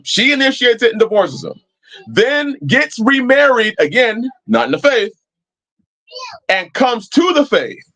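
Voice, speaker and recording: A man's voice: high-pitched, a bit bright. A man hosting a live-chat stream, talking casually and preachily, swearing freely as he answers viewers. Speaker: livestream host.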